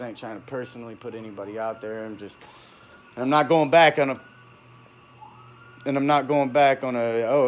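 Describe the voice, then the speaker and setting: A man speaks unscripted into his phone, recounting events in a heated, halting way. He restarts sentences often and lets thoughts trail off. His pitch stays in an ordinary middle range. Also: slight background noise. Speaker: vlogger recounting a personal dispute. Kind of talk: unscripted personal monologue.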